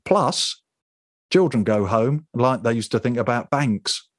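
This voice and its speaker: A man's voice: medium pitch, lively intonation, a little slow, dry recording, studio quality. A man hosting a casual chat about teaching, talking easily and tagging questions onto his points. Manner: conversational, asks tag questions. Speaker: podcast host.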